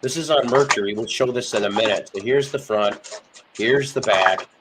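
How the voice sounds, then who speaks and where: A man's voice: medium pitch, moderate pace, background noise. A man hosting a casual live show about vinyl records, talking in a chatty, rambling way. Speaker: host.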